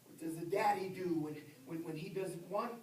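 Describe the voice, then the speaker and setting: A man preaching a sermon as pastor, rising to shouts and dropping to hushed words, repeating himself as he builds. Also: sits high, moderate pace, a little hiss or hum. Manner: swings from shouted emphasis to near-whisper, repeats words. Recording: echoey room heard from a distance.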